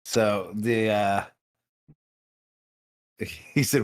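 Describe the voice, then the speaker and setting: A man's voice: on the low side, slow pace, long pauses. Teasing podcast co-host man. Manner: teasing, reads articles aloud. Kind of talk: casual podcast chat.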